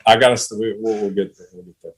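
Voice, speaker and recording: A man's voice: on the low side, steady tone, fast, slight background noise, poor audio. A man in his late thirties, a podcast guest, telling his faith story in an earnest, plain-spoken way over a call. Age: 30s. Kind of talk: testimony in casual conversation.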